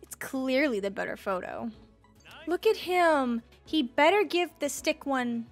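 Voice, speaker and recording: A young woman with a high, girlish voice chats her way through a game in unhurried, bubbly commentary, breaking into squeals and jokey asides. Game music plays faintly behind her. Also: expressive. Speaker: gaming video creator. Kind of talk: playful let's-play commentary.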